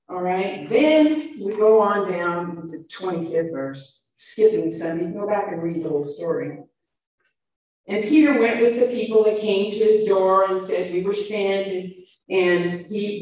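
A woman preaching a sermon, animated, shifting between loud and soft emphasis. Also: mid-range voice. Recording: echoey room, mic far off.

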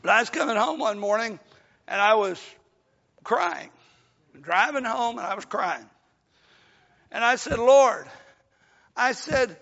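An older man preaching a sermon in a folksy way, swelling to shouts and dropping to a hush. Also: very high-pitched, lively intonation, slow, vocal fry, long pauses. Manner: folksy, rising to shouts then dropping soft. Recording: dull lo-fi recording in a reverberant hall.

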